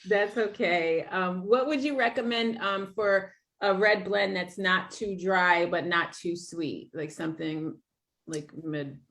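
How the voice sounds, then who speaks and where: A woman's voice: fairly low pitch, fairly even intonation, takes it slowly, a bit bright. A woman politely asking a few hesitant questions as an attendee on a video call. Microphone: video call mic.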